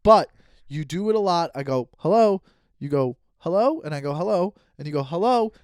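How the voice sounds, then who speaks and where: A man's voice: a little high, expressive, brisk, clean tone, dry recording, studio quality. A man hosting a comedy podcast, ranting in an exasperated monologue and acting out both sides of conversations. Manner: ranting, exasperated, acts out voices. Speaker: podcast host. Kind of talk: comic monologue.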